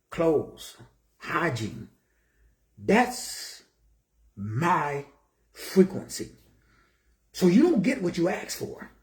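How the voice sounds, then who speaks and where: A man's voice: a little high, reverberant. Preachy older man from Texas. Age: 60s. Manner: preachy, rhetorical questions, greets viewers by name. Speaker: motivational speaker. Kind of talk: motivational livestream talk. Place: his office.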